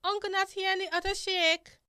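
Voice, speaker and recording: A woman's voice: extremely high pitch, level tone, brisk, noisy background. A woman playing a cheeky little schoolboy in a comedy sketch, chirpy and childlike. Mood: chatty.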